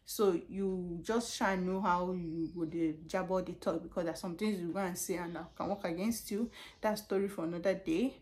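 A woman's voice: on the low side, moderate pace. A young Nigerian woman with a Nigerian accent, a customer service representative chatting casually in a vlog about her job and telling stories with lots of repetition. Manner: animated storytelling with laughs and repetitions.

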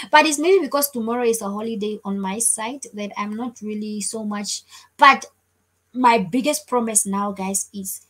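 A woman's voice: on the high side, normal speed, fairly bright tone, low-quality recording. A woman hosting a casual live stream, chatting effusively and thanking viewers over and over. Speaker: livestream host.

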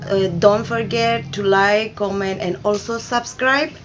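An Indonesian woman whose first language is Indonesian, hosting a reaction video in halting English and talking earnestly and emotionally. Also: mid-range voice, fairly even intonation, highs cut off, a little hiss or hum. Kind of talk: casual reaction commentary.

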